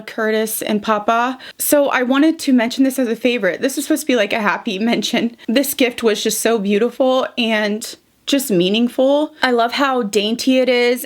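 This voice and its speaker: Chatty young woman beauty vlogger. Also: fairly high pitch. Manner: chatty, heartfelt, fillers like "like" and "um". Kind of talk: casual monthly favorites vlog.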